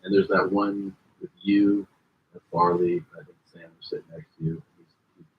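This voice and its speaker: A man's voice: low voice, expressive, normal speed, gravelly, narrow, tinny audio, heavy background noise. A man hosting a casual podcast chat, easygoing, often giving short agreeing replies.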